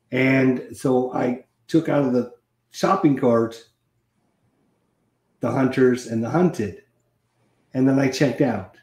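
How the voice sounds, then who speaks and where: A man hosting a casual chat, rambling and animated as he tells stories. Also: mid-range voice, slow pace, long pauses, echoey room. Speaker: host.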